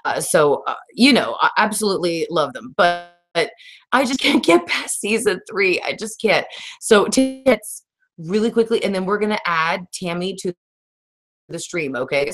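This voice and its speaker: Lady rambling on a livestream, kinda raspy today, lowish voice. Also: expressive, moderate pace, a bit bright, soft background music. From Texas. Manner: rambling, laughs often, reads viewer comments. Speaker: livestream host. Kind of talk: casual livestream chat.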